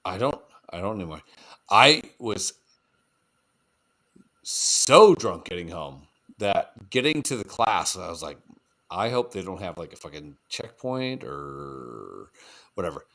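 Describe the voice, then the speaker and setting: A man co-hosting a casual podcast, telling stories and dropping deadpan jokes. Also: sits low, a little slow. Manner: joking, deadpan asides. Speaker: podcast co-host. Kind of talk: casual chat.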